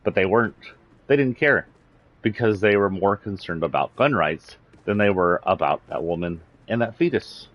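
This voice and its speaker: On a livestream with lo-fi sound, a Texan commentator with a slight Southern accent rants about politics in a blunt, indignant way and swears freely. His voice sits low, with lively intonation and a moderate pace.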